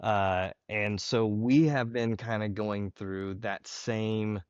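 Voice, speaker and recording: A man hosting a podcast interview, speaking earnestly and reflectively, with pauses. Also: lowish voice, steady tone, clean tone, dry recording. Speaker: podcast host. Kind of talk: interview conversation. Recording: dull, slightly lo-fi, dry.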